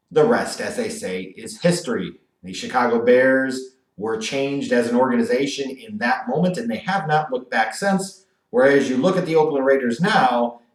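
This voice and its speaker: A man talking through a football game preview with animated energy and crude sarcastic asides. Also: medium pitch, far from the mic. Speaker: sports commentator. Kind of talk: solo football preview video. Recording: roomy echo, off from the mic.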